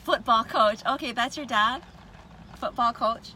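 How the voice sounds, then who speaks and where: A woman's voice: a little high, a little slow, bright, forceful tone. A woman chatting casually with viewers on a livestream from her car, greeting them and laughing often. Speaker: livestream host. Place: parked car with windows down. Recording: faint traffic noise through open windows.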